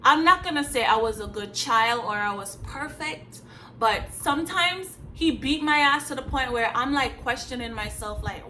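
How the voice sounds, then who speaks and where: Bright blunt young woman. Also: high voice, animated, normal speed, a little hiss or hum, low-quality recording. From Jamaica. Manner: blunt, emphatic, casual slang. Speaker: vlogger. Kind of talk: candid storytime vlog.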